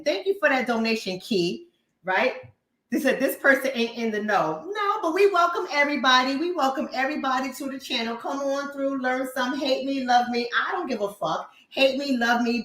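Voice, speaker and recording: A woman's voice: fairly high pitch, fairly bright tone. A woman hosting a livestream, talking bluntly and profanely. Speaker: host. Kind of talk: livestream commentary. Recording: echoey room.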